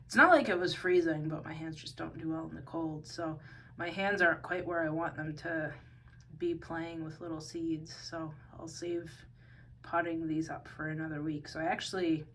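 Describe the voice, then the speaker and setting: A tired woman talking casually about her houseplants, soft and meandering with many fillers. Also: low voice, little pitch movement, moderate pace, a little hiss or hum, poor audio. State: tired, out of breath. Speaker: vlogger. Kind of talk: casual plant-care vlog. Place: home among houseplants, indoors.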